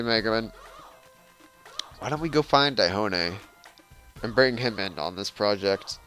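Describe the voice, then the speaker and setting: A man's voice: fairly low pitch, unhurried, faint music behind, rough recording. A man hosting a let's play, reading game text aloud and adding sarcastic asides. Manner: lively, switches between reading and sarcastic asides.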